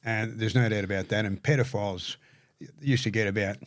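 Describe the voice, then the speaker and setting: Older Australian man, low and dry. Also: fairly even intonation, no echo. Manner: halting, repeats words, gravely earnest. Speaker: podcast guest. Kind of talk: storytelling conversation.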